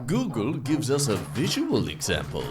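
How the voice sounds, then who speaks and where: A man's voice: medium pitch, wildly swooping pitch, moderate pace, far from the mic, over music. A man narrating a compilation of funny posts with dry, sarcastic jokes. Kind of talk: comic scripted narration.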